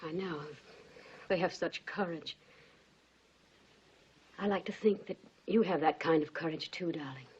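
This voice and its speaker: An actress playing a gentle, composed middle-aged mother, speaking softly and measuredly in 1940s studio film acting. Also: fairly low pitch, a little slow, long pauses, slightly rough. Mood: somber. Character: gentle, composed mother of two grown daughters. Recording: dull 1940s film soundtrack with faint hiss.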